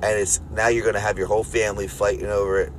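A man with a Philadelphia accent hosting a solo podcast from his car, rambling crudely and jokingly between loud bursts and mutters. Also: fairly low pitch, flat delivery, quick pace, slight background noise. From Philadelphia area. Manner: rambling, crude, jokey, swings loud and quiet. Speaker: podcast host. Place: car on the road.

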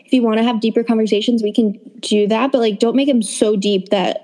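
Woman podcast cohost, bit high voice, teasing her friend, casual. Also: steady tone, brisk, warm tone. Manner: teasing, blunt reactions. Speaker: podcast co-host. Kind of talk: casual chat.

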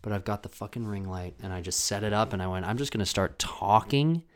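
Young man, lowish voice, solo home podcast, rambling, profane, self-mocking. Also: brisk, clean tone. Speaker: podcast host. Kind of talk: casual solo podcast monologue. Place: home room with a ring light. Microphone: camera mic.

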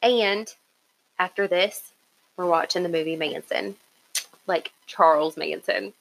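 A woman co-hosting a podcast, chatting casually in an excitable, giggly way. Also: lowish voice, takes it slowly, vocal fry, a little hiss or hum, poor audio. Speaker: podcast co-host.

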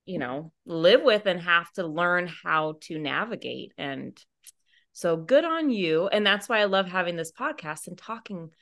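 A woman's voice: on the low side, lively intonation, measured pace. A woman hosting a podcast, talking casually with many fillers and restarts and responding supportively to her co-host. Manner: warm, supportive listener, rambling with many fillers. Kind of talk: casual chat.

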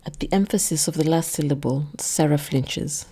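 A woman narrating her own written story in a measured, low-key way. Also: dark tone, breathy edge. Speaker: narrator and author.

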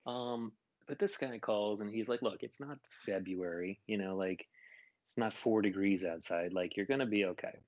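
A man's voice: on the low side, normal speed, darkish tone, no echo, highs cut off. A man chatting casually, telling a long rambling story with fillers and laughs.

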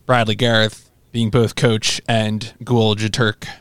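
A man's voice: fairly low pitch, level tone, takes it slowly, a bit bright, smooth, no room sound. A man co-hosting a podcast in a casual chat, with wry, dry humor. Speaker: podcast co-host.

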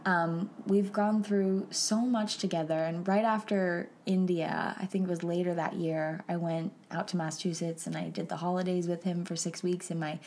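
A woman hosting a podcast who tells a personal story in a casual, emotional and animated way, talking straight to her listeners. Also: on the low side, moderate pace, few pauses. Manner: emotional and animated, addresses listeners as "you guys"; casual and chatty, with frequent "like" fillers. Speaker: podcast host.

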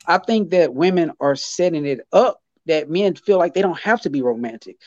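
A man co-hosting a casual podcast chat, animated and slangy, often repeating his phrases. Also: a little high, normal speed, no echo, lo-fi sound. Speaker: podcast co-host.

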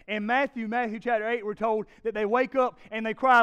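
A man in his thirties preaching a sermon, swinging from hushed tones to loud emphasis and asking the congregation rhetorical questions. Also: extremely high pitch, level tone, a little fast, hardly any pauses, clean tone. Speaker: pastor.

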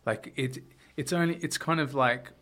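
A man's voice: mid-range voice, normal speed, fairly bright tone. A man, hosting a casual chat, reflective and affirming. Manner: reflective, affirming, many listening noises.

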